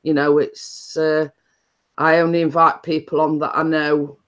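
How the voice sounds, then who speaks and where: A woman's voice: low-pitched, flat delivery, a little slow. A woman hosting a chatty live stream, telling stories in a rambling way with many restarts.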